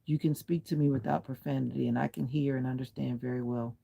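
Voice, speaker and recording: Very gravelly, husky man on a livestream. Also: mid-range voice, fairly even intonation, quick pace, warm tone. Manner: chatty, answers viewer comments one by one; firmly polite about clean language. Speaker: livestream host. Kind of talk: casual livestream chat. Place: at home, lying back with pillow and comforter.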